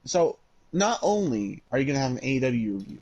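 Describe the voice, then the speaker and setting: A man's voice: mid-range voice, very animated, fairly quick, a little mellow, muffled recording. A man co-hosting a podcast in casual chat, grumbling with frustration, swearing and laughing. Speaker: podcast co-host.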